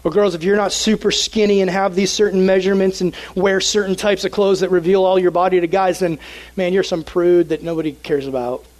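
A young man preaching to a youth group, telling a story with lively, animated energy. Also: sits high, a little fast, poor audio. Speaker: youth pastor. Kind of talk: sermon with a personal story.

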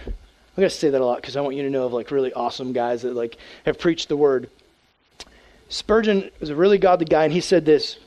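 A man, a youth pastor, preaching a casual, animated sermon to teens and acting out prayers in a hushed voice. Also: fairly high pitch.

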